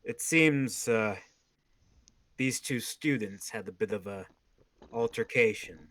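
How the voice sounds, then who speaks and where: A man playing a character in a tabletop role-playing game, speaking in a measured, formal way. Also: on the low side, a bit bright. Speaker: player.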